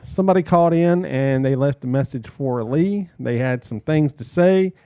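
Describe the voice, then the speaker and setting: A man's voice: mid-range voice, normal speed, warm tone, clean tone, dry recording, clean studio sound. A man hosting a casual podcast with his brother and a friend, with jokey, upbeat emcee patter. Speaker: podcast host.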